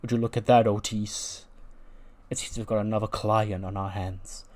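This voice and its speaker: A man's voice: on the low side, steady tone, moderate pace, a little mellow, close to an everyday voice. A man voicing a giant male wrestler who talks like a smug salesman.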